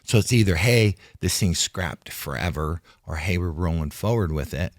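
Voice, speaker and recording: Casting: very low male voice, dry studio sound, rambling retired fighter recounting events. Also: animated, moderate pace, no room sound. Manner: rambling, restarts, acts out quoted talk. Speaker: retired fighter, interview guest. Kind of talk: casual storytelling interview. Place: studio in Hollywood.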